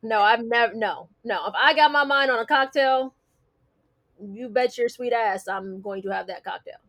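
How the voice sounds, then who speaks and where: A woman's voice: fairly high pitch, normal speed, fairly bright tone. A woman co-hosting a casual chat, teasing and playful as she tells stories. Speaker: podcast co-host.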